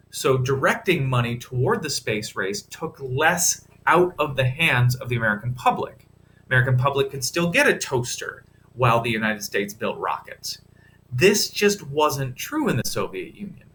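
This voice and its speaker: A man's voice: medium pitch, sharp tone, slight background noise. A male history teacher giving a recorded lecture in a casual, chatty way, with asides to the listener.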